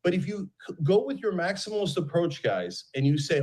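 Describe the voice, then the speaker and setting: A man's voice: high voice, big pitch swings, fairly quick, hardly any pauses, a little mellow, poor audio. Argumentative man in a heated panel debate. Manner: argumentative, acts out quotes.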